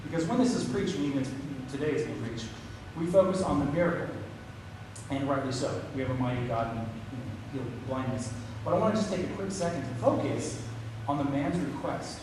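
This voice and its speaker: A man preaching a sermon, telling a story and voicing quoted lines with a higher pitch. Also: expressive, a little fast. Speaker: pastor. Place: church sanctuary. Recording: echoey hall from far off with noise.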